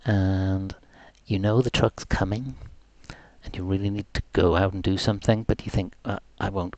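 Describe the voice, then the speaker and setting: A man's voice: low voice, fairly even intonation, moderate pace, darkish tone, dry recording. A man with a mild Geordie accent, hosting a live music stream and rambling jokily to fill time. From North East England. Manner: jokey, chatty, self-deprecating rambling. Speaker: livestream host.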